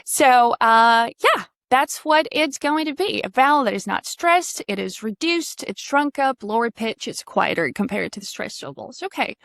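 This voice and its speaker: A woman's voice: a little high, expressive, moderate pace, few pauses, a bit bright, dry recording. Chatty woman coaching pronunciation, dry sound. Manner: chatty, swears casually, quizzing questions. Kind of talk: casual online lesson.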